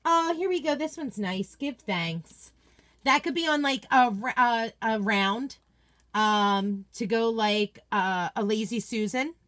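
A woman's voice: on the high side, slow pace, a bit bright. A woman hosting a casual live unboxing, chatty and gushing as she reads out viewer comments. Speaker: craft product consultant and host.

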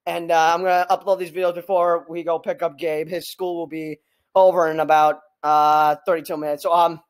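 A young man hosts a reaction video from home, talking straight into his webcam. His voice sits high, and he is overwhelmed, yelling and repeating the same exclamations. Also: little pitch movement, brisk. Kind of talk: excited reaction commentary.

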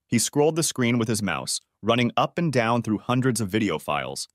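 A man narrating a dramatic story audiobook in a steady, low storytelling manner. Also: fairly quick, hardly any pauses, dry recording, studio quality.

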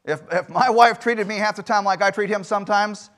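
Male pastor, high voice, emphatic sermon in a church, swings loud and soft. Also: a little fast. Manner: emphatic preaching with rhetorical questions and sudden loud swings. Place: church sanctuary.

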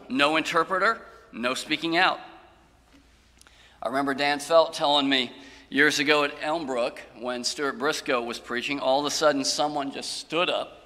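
Man, pastor, sermon, fairly high bright voice, earnest plain talk, dry humor, long church reverb. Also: normal speed. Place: church sanctuary.

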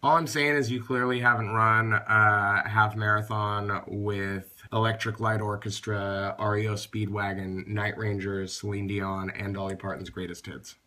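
A man co-hosting a podcast, making crude jokes in casual banter and sometimes shouting. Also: fairly low pitch, flat delivery, unhurried, few pauses. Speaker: podcast co-host.

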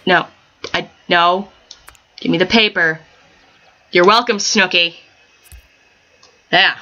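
Taking it slowly in a fairly low, pushed, bright voice, a woman hosts casual let's-play commentary of a life-sim game on her gaming channel. Frequent giggles and chatty, rambling asides fill the clip, which sounds like a dull lo-fi home mic.

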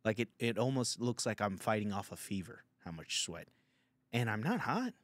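A man's voice: fairly low pitch, big pitch swings, moderate pace, dry recording. A man hosting a podcast, riffing in a crude, rambling, irreverent comedic monologue. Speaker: podcast host.

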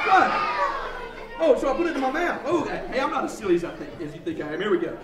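A man's voice: high voice, sing-song, fast. A man performing as a children's entertainer at a live library show, playfully clowning and throwing questions out to the audience. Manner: playful, clowning, mock-silly with the kids. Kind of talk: live kids' show patter. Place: library event room, indoors. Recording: echoey hall, recorded from far off. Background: loud noisy children's crowd.

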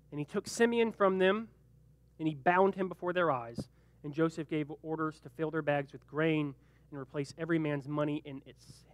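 Young youth pastor guy, kinda high voice, jokey and animated, super dry sound. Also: no echo. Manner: animated and joking, acts out quick character voices. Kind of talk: youth group Bible teaching.

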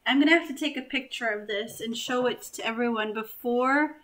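A young woman with a fairly high voice hosts a casual live stream. She sounds playful and light. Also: brisk, a bit bright. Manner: playful, laughs easily. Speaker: vlogger host.

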